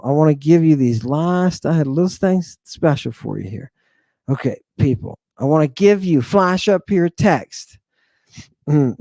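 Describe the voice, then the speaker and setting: A man's voice: high-pitched, darkish tone, dry recording, studio quality. Brash teasing male language teacher. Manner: brash, teasing, quick asides to the class. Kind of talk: informal language lesson.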